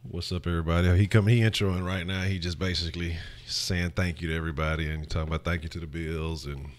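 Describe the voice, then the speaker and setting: Male streamer with a Houston accent, extremely low pitch, casual and profane, chatty sports talk. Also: little pitch movement, fast talker. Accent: Houston, Texas. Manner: slangy, loose, profane, chatty. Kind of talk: casual live reaction stream.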